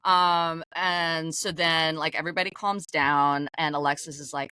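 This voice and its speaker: A woman's voice: low voice, steady tone, normal speed, hardly any pauses, bright, forceful tone, smooth, no room sound, poor audio. A woman co-hosting a podcast, chatting casually and laughing as she recaps and acts out quotes. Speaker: podcast co-host.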